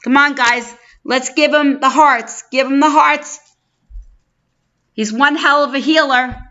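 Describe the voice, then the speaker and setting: A woman's voice: high-pitched, fairly even intonation, measured pace, sharp tone. A middle-aged woman from New York with a New York accent, hosting a live stream and chatting effusively with viewers by name. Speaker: livestream host. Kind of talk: casual live-stream chat. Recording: dull lo-fi stream audio.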